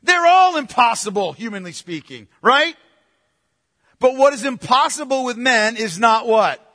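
A man's voice: very high-pitched, expressive, a little slow, sharp tone. A man preaching a sermon to a congregation, emphatic and full of rhetorical questions. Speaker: pastor. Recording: long hall reverb.

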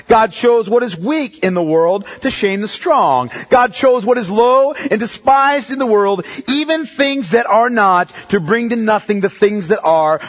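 Male pastor, high voice, emphatic sermon delivery that speaks directly to the congregation. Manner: emphatic, swings between loud outbursts and hushed stretches; talks straight to the congregation, checking in often.

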